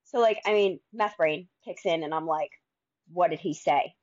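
Young adult woman, casual storyteller, animated, dry close sound, slightly muffled. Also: on the low side, moderate pace, no room sound. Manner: animated, acts out quoted dialogue. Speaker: guest telling her recovery story.

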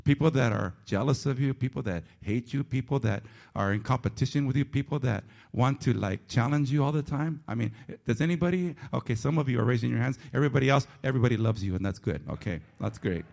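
A man preaching a sermon as pastor of a church, animated and self-mocking, swinging between loud emphasis and low asides. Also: quick pace, creaky, few pauses.

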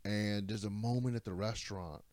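A man's voice: fairly low pitch, fairly even intonation, normal speed, darkish tone, no room sound. A man in casual podcast chat, emphatic and swearing as he makes his points. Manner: emphatic, swears, talks over others. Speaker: podcast co-host.

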